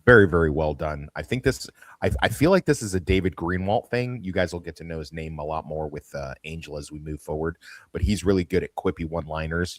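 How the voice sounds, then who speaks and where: Podcast host, male, deep voice, slight lisp, loose and jokey, dry sound. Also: fairly quick, dry recording. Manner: rambling, jokey, swears casually. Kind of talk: casual chat.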